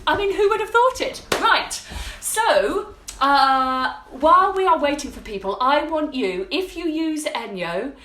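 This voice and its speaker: A woman's voice: high voice, animated, measured pace, pushed and bright, echoey room, slight background noise. A woman hosting a casual live stream from her home kitchen, chatty and upbeat, greeting viewers by name. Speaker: host of a live cleaning-product show.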